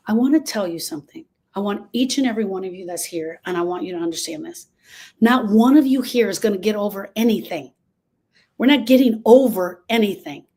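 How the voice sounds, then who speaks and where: Woman doing a grief talk to a room full of people, earnest and punchy, mid pitch. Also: lively intonation, a little fast, warm tone, slightly rough. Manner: earnest, emphatic, acts out quoted voices. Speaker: grief speaker. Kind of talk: motivational talk to a live group. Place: room with a live audience.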